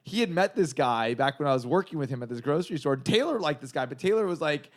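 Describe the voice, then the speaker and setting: A man's voice: on the high side, lively intonation, fast. A man from Southern California, a comedian guest, telling a long story in casual chat, rambling and swearing with lots of filler words. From San Gabriel Valley, California.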